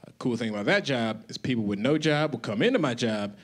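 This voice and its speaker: A man's voice: medium pitch, lively intonation, fast talker. A man from Colorado doing a loose, conversational stand-up set on a stage mic in a comedy club. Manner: loose, conversational, swinging into loud character voices. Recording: live comedy club with audience laughter.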